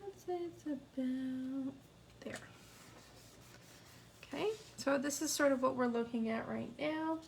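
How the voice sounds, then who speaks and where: A woman's voice: sits high, slow pace, vocal fry, pauses often, a little hiss or hum. A woman teaching a live card-making lesson, chatting with viewers as she works. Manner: chatty, talks to viewers while working. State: sniffling, hiccups. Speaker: papercraft instructor.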